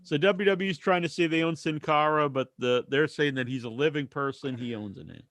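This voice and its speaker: High-voiced man ranting on a podcast. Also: brisk, a bit bright, no room sound, clean studio sound. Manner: opinionated, ranting. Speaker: podcast host reading listener questions. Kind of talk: casual wrestling podcast chat.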